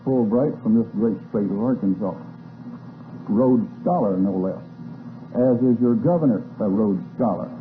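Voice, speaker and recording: A man's voice: on the low side, unhurried. An older man giving a lecture to a live audience, telling stories with wry, folksy asides. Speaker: speaker. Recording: tinny phone-like old tape with faint hiss.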